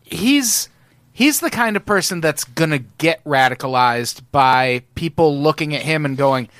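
A man's voice: fairly high pitch, expressive, a little slow, fairly bright tone, dry recording, clean studio sound. A man in casual chat, thinking aloud in a searching way with hesitant restarts.

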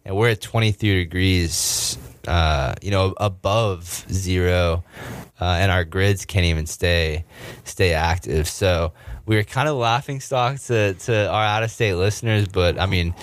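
Deep voiced young guy from texas, laid-back podcast chat, dry close sound. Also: unhurried, no echo. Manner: laid-back, frequent fillers and restarts. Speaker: podcast host. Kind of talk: casual chat.

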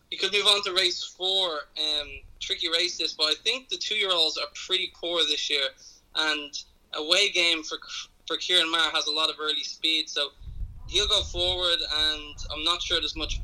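A man's voice: a little high, level tone, moderate pace, pushed and bright, poor audio. A man with an Irish accent, calling into a radio show to run through his racing tips in a hesitant, methodical way. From Ireland. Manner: hesitant, with many ums, talks through form methodically. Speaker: caller giving racing tips.

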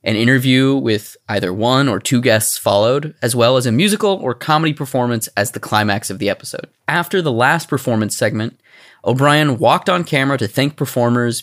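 Male podcast host, casual, reads notes aloud, mid-pitched voice. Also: a little fast, fairly bright tone. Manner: chatty, filler-heavy, laughs easily. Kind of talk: casual commentary and reading from notes.

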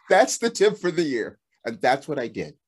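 Man, husky voice, lively pitch, chatty storyteller, laughs a lot. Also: a little slow. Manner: animated storytelling, laughs often. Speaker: channeler and guest. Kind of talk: casual conversation.

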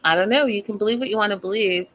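A woman recapping a reality show in casual, gossipy commentary, animated and incredulous. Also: mid-range voice, very fast, poor audio.

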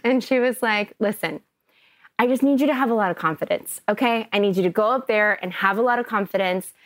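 A woman from Kentucky, an actress guest on a podcast, telling a story in an animated, chatty way. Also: medium pitch, fairly quick, no echo. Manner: chatty, animated, often laughing.

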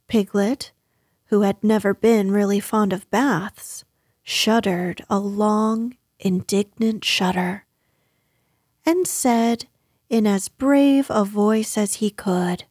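A woman narrating a children's storybook in a gentle, unhurried manner. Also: medium pitch, dry recording, studio quality. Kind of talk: storybook reading.

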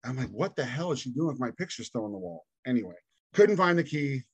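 A man's voice: medium pitch, sing-song, fast talker, breathy edge, dry recording. A man telling a long personal story as a podcast guest, acting out the voices of the people in it and laughing often. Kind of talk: casual storytelling interview.

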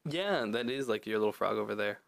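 A man's voice: fairly low pitch, lively intonation, fast talker, creaky, no room sound, clean studio sound. A man co-hosting a podcast in casual chat, rambling and joking with lots of fillers. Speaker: podcast co-host.

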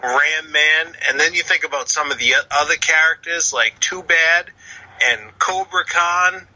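A man's voice: a little high, unhurried, pushed and bright. A man in his thirties from the Boston area, leaving a profane, emphatic voicemail for a podcast. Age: 30s. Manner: profane, emphatic, lists points. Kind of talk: casual voicemail rant. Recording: phone-line voicemail.

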